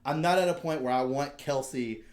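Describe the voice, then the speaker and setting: A man's voice: medium pitch, a little fast. A man co-hosting a casual comedy podcast, joking, swearing and laughing as he acts out little scenes. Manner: laughing, profane, acts out quotes. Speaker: podcast co-host.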